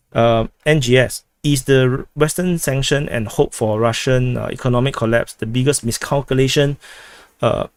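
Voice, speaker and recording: Singaporean guy on a casual livestream, average pitch, dry close mic, lots of uh and repeated words. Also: no room sound. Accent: Singaporean English. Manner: halting, repeats words, frequent "uh" restarts. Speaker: livestream host answering viewer questions.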